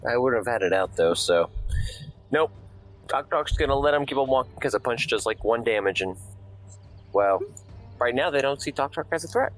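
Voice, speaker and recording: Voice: medium pitch, expressive, normal speed, pauses often, soft background music. A player in a tabletop role-playing game, explaining moves casually and thinking aloud. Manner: laid-back, thinking aloud.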